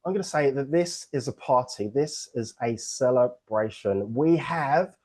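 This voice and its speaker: A man's voice: medium pitch, animated, measured pace, a little mellow. A man from England with an English accent, hosting an online book launch on a video call in an upbeat, joking, playful way.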